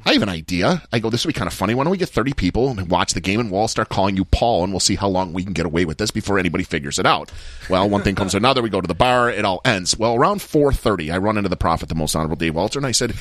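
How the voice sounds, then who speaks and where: A man's voice: on the low side, lively intonation, very fast, a bit bright, dry recording. A man co-hosting a casual league podcast, telling stories in a wry, teasing way. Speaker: podcast co-host. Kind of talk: casual chat.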